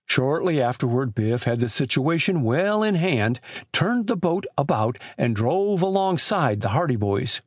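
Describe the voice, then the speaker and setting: Lively male audiobook narrator. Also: medium pitch, a little slow, dry recording, clean studio sound. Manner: animated reading with lively shifts for characters. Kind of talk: scripted narration.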